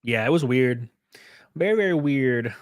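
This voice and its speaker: A man's voice: medium pitch, animated, normal speed, dry recording, clean studio sound. A man casually telling stories on his livestream, laid back and swearing freely. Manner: profane, laid-back storytelling. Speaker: streamer.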